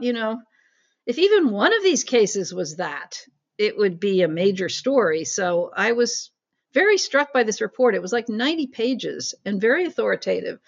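Gravelly woman in a lo-fi interview. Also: mid-range voice. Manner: earnest storytelling with fillers. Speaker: guest journalist. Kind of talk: interview answers.

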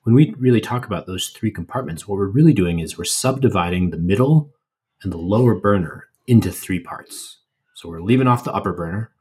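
A man co-hosting a podcast, explaining things in a relaxed, casual way with playful asides. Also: fairly low pitch, fairly quick, slightly rough. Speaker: podcast co-host. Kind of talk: casual educational chat.

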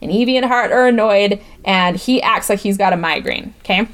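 A woman's voice: medium pitch, animated, a little fast, fairly bright tone. A woman co-hosting a podcast, recapping a film in casual chat, peppering her talk with "like" and "right?" and sarcastic about what she saw. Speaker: podcast co-host.

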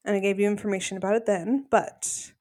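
A woman's voice: mid-range voice, fairly quick, dry recording. A woman co-hosting a podcast, chatting casually and recapping episodes. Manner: chatty, acts out quotes in animated voices. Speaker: podcast co-host.

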